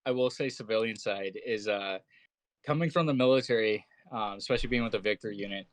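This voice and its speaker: A man's voice: lowish voice, a little fast, dry recording, low-quality recording. Veteran guest, male, matter-of-fact and profane, dry close sound. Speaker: co-host, Marine veteran. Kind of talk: casual chat.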